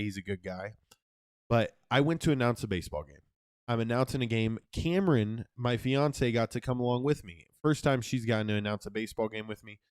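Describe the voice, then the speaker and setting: A young man co-hosting a casual podcast, telling a story in a profane, animated way. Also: medium pitch, smooth, no echo, clean studio sound. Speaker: podcast co-host.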